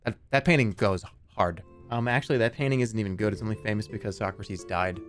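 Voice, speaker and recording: A man streaming a game, chatting casually with his chat in an animated, joking way. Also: fairly low pitch, fast talker, soft background music.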